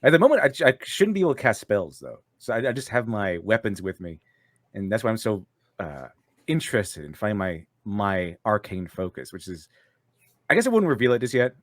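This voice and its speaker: A man's voice: on the low side, brisk, no echo. A man playing a tabletop game, chatting casually and chuckling. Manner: chuckling, animated. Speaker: player.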